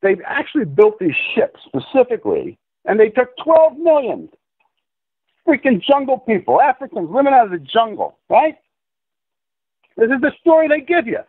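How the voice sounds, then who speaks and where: A man's voice: very high voice, no room sound. A man on a call-in interview, ranting in a profane, insistent, lecturing way. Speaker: guest. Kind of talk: conspiracy rant in a call-in interview. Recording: tinny phone-line audio.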